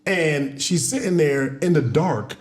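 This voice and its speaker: A man telling a story in a laid-back, drawn-out way, full of slang, on a casual podcast. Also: a little high.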